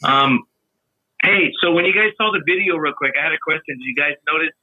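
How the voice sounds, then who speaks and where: A man, a podcast guest, chatting casually in a relaxed way with many restarts. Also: fairly high pitch, fairly quick, no echo. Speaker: podcast guest, musician and video maker. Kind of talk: casual chat. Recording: tinny phone-line sound.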